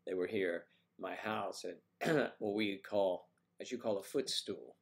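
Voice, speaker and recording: An American man with vocal fry, speaking a little slowly, hosts a casual livestream from home. He reads viewer comments with playful, teasing banter, his pitch jumping animatedly.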